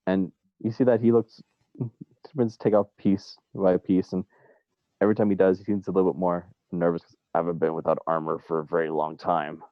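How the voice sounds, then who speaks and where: A man describes what his character does in a tabletop game, hesitant and full of restarts. His low voice comes through dry and a bit dull. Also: little pitch movement, brisk, dry recording. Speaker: player.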